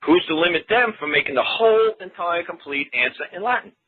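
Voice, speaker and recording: A man talks law in a loose, folksy way, circling back to repeat his points and acting out little exchanges. His voice is a bit husky. The sound is thin and tinny, like a phone line. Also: high-pitched, expressive, brisk. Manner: folksy, repetitive, acts out quoted exchanges. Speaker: common law lecturer. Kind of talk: casual teaching talk.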